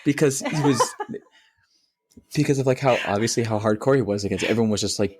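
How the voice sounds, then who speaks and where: A young man co-hosting a casual podcast, rambling and profane as he tells animated stories. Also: fairly low pitch, a little fast, husky. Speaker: podcast co-host. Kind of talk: casual chat.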